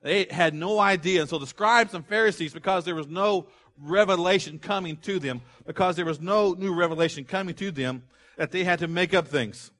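A man preaching a sermon, animated, asking the congregation to fill in words and acting out the people in the story. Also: sits high, fairly quick. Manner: animated, acts out quoted voices, rising to loud exclamations; asks the audience questions and lets them fill in words. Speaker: pastor.

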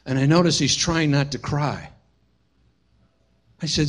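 A middle-aged man preaching a sermon as pastor, telling a personal story and swinging from hushed to shouting. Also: on the high side, unhurried.

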